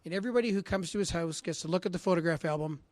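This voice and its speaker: A man from Canada gives a recovery talk in a fairly high voice, heartfelt and earnest. He drops to near-hushed tones and then swells to loud emphatic lines. The sound is close and dry, with no room around it. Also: rapid-fire, no echo. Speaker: recovery meeting speaker. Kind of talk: personal testimony talk. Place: assembly hall.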